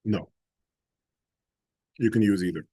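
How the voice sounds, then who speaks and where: A man leads a live software class, walking through each step and thinking aloud as he goes. His voice sits low and a little husky. The sound is close and dry, with no room echo. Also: takes it slowly. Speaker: instructor.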